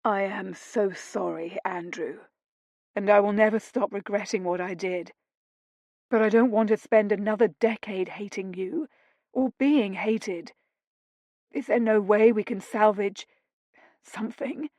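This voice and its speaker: A woman voicing a remorseful aristocratic duke who speaks quietly and pleads. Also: mid-range voice, unhurried, no echo, studio quality.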